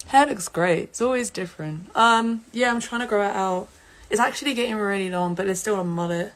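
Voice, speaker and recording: A woman's voice: mid-range voice, a little fast. A young woman from England, chatting casually and giggling on an Instagram live stream. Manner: giggly and chatty, laughs often.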